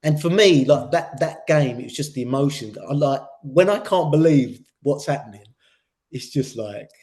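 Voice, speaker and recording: A man's voice: mid-range voice, lively intonation, moderate pace, darkish tone. A man co-hosting a podcast, speaking earnestly and casually, repeating himself and using fillers like "yeah" and "sort of thing". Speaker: podcast co-host. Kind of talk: casual chat.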